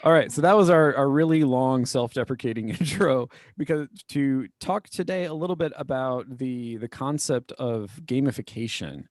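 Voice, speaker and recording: A man co-hosting a podcast in casual chat, playful and quick to laugh. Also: medium pitch, dry recording, clean studio sound. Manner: playful, laughs often, reads aloud in a put-on radio voice. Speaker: podcast co-host.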